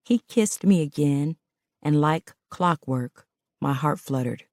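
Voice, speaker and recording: A woman's voice: low voice, slow, darkish tone, no room sound, clean studio sound. A woman narrating a first-person audiobook with intimate, emotional storytelling.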